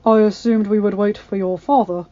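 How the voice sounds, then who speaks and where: A woman's voice: mid-range voice, fairly even intonation, no echo, muffled recording, natural voice. A woman voicing a loyal, composed male servant who speaks formally. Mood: courteous. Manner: formal and measured.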